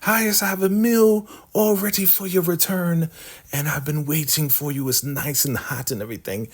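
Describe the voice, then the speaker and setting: A man plays a scheming older woman of a cult, pitched far up into a thin falsetto. She keeps her tone sugary and falsely polite, as if nothing were wrong. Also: fairly even intonation, normal speed, close to an everyday voice. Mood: falsely sweet.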